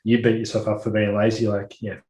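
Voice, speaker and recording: An Australian man co-hosting a podcast, chatting in a laid-back, easygoing way and trailing off softly. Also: fairly low pitch, monotone, fast talker. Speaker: podcast co-host. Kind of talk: casual chat between mates. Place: home office. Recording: roomy echoey room.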